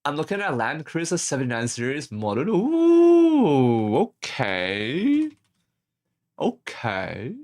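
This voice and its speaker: A man's voice: mid-range voice, big pitch swings, unhurried. Rambling, laughing streamer guy. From Australia. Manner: rambling, laughing, swearing, restarts. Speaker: VTuber streamer. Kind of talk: casual storytelling on stream.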